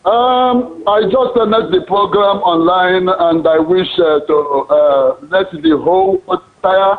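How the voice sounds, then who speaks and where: A male caller speaking slowly and formally with pauses. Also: high voice, sing-song. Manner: slow, deliberate, formal phrasing. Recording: tinny phone line.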